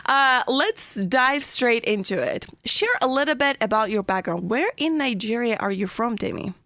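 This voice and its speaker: A woman hosting a podcast interview in a studio, her voice hoarse, chatty and laughing often. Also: a little high, animated, moderate pace, bright, forceful tone, no echo. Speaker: podcast host.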